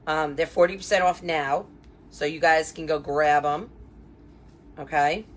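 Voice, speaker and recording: Chatty lady doing a live wreath tutorial, lots of um and you know, slightly low voice. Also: fairly even intonation, a little slow, slight background noise. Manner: chatty and upbeat, many fillers and asides to viewers. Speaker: wreath designer and craft instructor. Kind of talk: live craft tutorial with viewer shout-outs.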